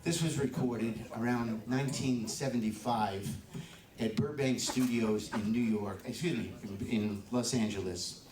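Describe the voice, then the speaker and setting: An older man in his seventies tells stories from the stage of a live music venue. He talks in a relaxed, chatty way and laughs often, at a middle pitch. He is heard from a distance in an echoey room. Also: measured pace. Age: 70s. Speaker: bandleader and drummer hosting a live show. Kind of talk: on-stage storytelling to a live audience.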